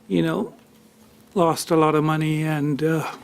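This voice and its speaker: A fairly high-voiced man makes his case before a tax board. He speaks haltingly, packing his story with fillers, and grows emotional as he goes. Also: little pitch movement, gravelly, clean tone. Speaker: petitioner at a tax appeal hearing. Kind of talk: unscripted testimony.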